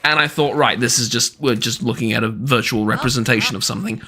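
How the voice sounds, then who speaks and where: A man's voice: medium pitch, quick pace, pushed and bright, slightly rough. A man streaming a live let's-play, talking in a rambling, sarcastic, stammering way. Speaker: game streamer.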